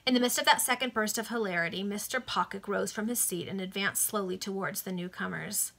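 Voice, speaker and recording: Woman, reading a novel aloud, bright tone, video call. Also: medium pitch, brisk, gravelly. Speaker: reader.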